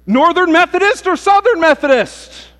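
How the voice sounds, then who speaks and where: A man voicing an eager, chummy man trying to rescue someone, excited and squeaky. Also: moderate pace. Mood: gushing. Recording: reverberant hall with mains hum.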